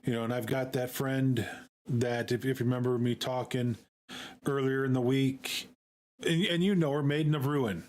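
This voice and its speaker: A man streaming, talking in a casual, halting way with many fillers and repeated words. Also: mid-range voice, fairly even intonation, darkish tone. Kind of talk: casual live-stream chat.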